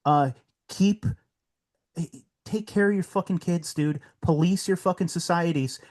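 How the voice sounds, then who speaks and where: A man's voice: high voice, a little slow, darkish tone. Blunt, profane man ranting. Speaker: podcast guest. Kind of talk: casual podcast rant.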